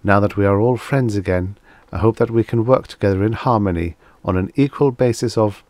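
A man voicing a calm, polite alien envoy who speaks softly with a lisp, in a formal, measured way. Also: on the low side, no room sound, close to an everyday voice. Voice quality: soft lisp.

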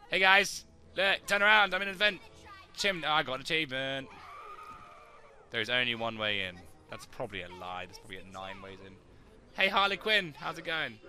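Excitable man narrating gameplay. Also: mid-range voice. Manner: excitable, joking, talks to viewers. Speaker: let's play gamer. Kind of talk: gameplay commentary.

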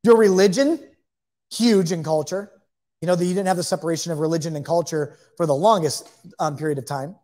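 A man's voice: fairly high pitch, a little fast, dark tone. A man teaches a Bible lesson to camera indoors. His talk is loose and conversational, full of asides and repeated phrases as he works through his points.

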